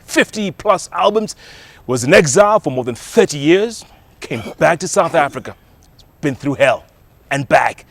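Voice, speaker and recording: A man hosting a TV talk show, enthusiastic and hyping up his guest. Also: medium pitch.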